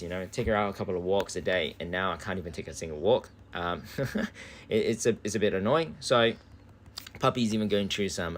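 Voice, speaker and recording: A man's voice: low voice, a bit bright, slight background noise. An Australian man chatting casually on a live game stream from home, laid-back and swearing freely. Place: indoors at home.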